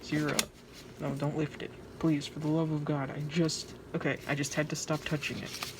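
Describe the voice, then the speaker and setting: A woman's voice: low voice, level tone, moderate pace. A woman narrating her own craft project in a casual vlog, anxious, dramatic and joking at her own expense. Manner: anxious, dramatic, self-mocking. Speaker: vlogger. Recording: noisy home recording.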